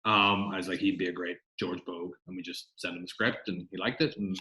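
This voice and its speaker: Chatty man, bright voice. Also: sits low, little pitch movement, brisk, roomy sound, rough recording. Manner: chatty, rambling, many fillers and restarts. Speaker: film director. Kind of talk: casual interview answers.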